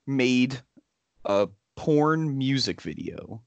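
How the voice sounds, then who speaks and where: A man's voice: medium pitch, lively intonation, extremely slow, gravelly, dry recording, highs cut off. A young man in a casual podcast chat, laid-back and slangy.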